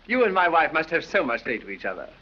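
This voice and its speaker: An actor playing a silly, foppish English aristocrat dandy who drawls, giggles and dithers, in 1930s film acting. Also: male voice, on the high side, very animated, rapid-fire. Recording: dull old film soundtrack with hiss.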